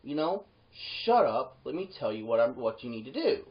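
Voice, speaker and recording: A security guard telling a workplace story in a casual monologue. The voice swings up when heated and drops low for asides. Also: big pitch swings, normal speed, dull audio. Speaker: yard gate security guard.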